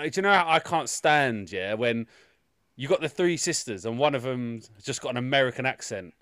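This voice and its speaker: A man's voice: mid-range voice, expressive, normal speed, a bit bright, no echo, clean studio sound. Stammering man ranting about a film. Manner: rambling, stammering restarts, crude jokes. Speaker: podcast co-host. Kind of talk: casual chat.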